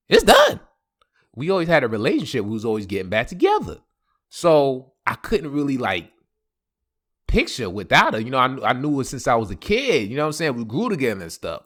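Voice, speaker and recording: Animated man telling a storytime. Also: mid-range voice. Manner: animated, slangy, laughing a lot. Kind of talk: casual storytime vlog.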